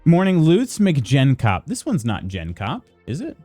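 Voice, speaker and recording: A casual American man hosting a live stream, talking to his viewers in a loose, rambling way. His pitch leaps around with a lot of life, and faint music plays underneath. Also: wildly swooping pitch, a little slow, warm tone. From United States. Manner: chatty, greets viewers by name, reads chat aloud.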